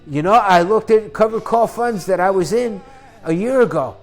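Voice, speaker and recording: A man hosting his own investing channel, swinging from calm explanation into a profane, combative rant while his voice is going hoarse. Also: high-pitched, normal speed, soft background music. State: losing his voice. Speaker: investing YouTuber. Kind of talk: angry ranting monologue.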